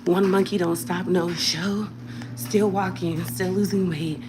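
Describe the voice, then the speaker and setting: A woman's voice: lowish voice, fairly even intonation, unhurried, noisy background. Chatty woman livestreaming from home on her phone. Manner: chatty, talks straight to viewers, often drops to a whisper. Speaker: livestream host. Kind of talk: casual livestream chat. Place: home, walking through rooms. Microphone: phone held at arm's length.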